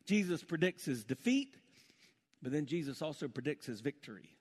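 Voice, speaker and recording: A male pastor preaching a sermon with rhetorical questions and touches of humor, dropping to a soft, low voice in prayer. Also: sing-song, moderate pace, slightly rough, in a large hall.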